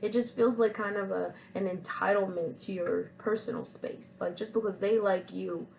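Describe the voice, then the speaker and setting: Gravelly-voiced woman rambling through a story. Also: medium pitch, fairly even intonation, normal speed, darkish tone, slight background noise, rough recording. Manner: rambling, full of fillers and restarts. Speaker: vlogger. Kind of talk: casual storytelling to camera.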